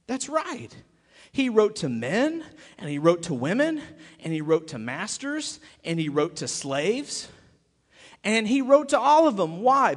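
Animated high-voiced male pastor preaching. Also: big-room sound. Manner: lively, joking, rhetorical questions. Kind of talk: sermon.

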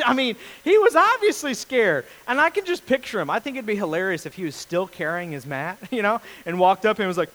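A man's voice: sits high, fairly quick, few pauses, low-quality recording. A male pastor giving a casual, jokey sermon, acting out the people in the story. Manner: animated storyteller, acts out voices, jokey.

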